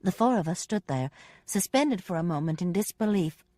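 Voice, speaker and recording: A woman narrating a first-person audiobook with expressive, dramatic storytelling. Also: on the low side, normal speed, no room sound, studio quality.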